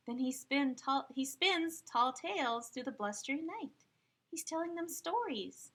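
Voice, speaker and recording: Slow, bright, sing-song woman reading aloud. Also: high-pitched. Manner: animated, sing-song, with asides to children. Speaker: children's story time reader. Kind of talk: expressive read-aloud storytelling.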